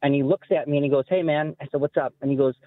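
Young dude on the phone, rambly storyteller, kinda high voice, tinny dry line. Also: male voice, steady tone, rapid-fire, no echo. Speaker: caller. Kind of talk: call-in storytelling.

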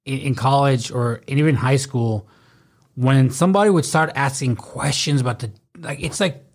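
A man's voice: medium pitch, moderate pace. A young adult man in casual podcast chat, telling stories in a profane, ranting way.

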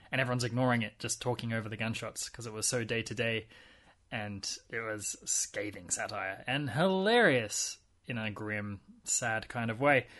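A man's voice: mid-range voice, bright, forceful tone. A man co-hosting a podcast in casual chat, rambling and wry, with many fillers and restarts. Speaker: podcast co-host.

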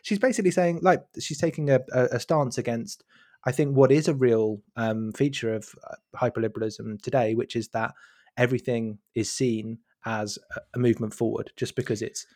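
Male co-host, mid pitch, halting, hunts for words, dry sound. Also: fairly even intonation, a little mellow, no echo. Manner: groping for words, many restarts. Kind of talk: casual podcast discussion.

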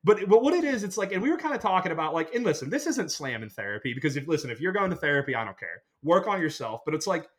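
A man's voice: a little high, racing, few pauses, breathy edge. A young man in his twenties, a podcast host rambling through a story in casual chat with lots of fillers. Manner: rambling, animated, full of fillers.

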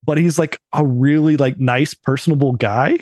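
A man's voice: on the high side, fairly even intonation, normal speed, darkish tone, no echo. A man co-hosting a podcast, chatting casually and rambling with many fillers. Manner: rambling, heavy use of "like" and "uh". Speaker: podcast co-host. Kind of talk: casual chat.

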